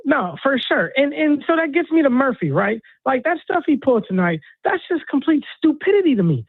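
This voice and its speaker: A man's voice: extremely high pitch, sing-song, a little fast, no echo. A man calling in to a sports radio show, ranting in a fired-up, exasperated way. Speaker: caller. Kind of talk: heated sports radio call. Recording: tinny phone line.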